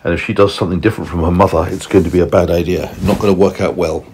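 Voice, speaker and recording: A man reading a bedtime story aloud to a small child at home, gently stopping to ask questions and teach a lesson. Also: deep voice, fairly even intonation, racing, slight background noise.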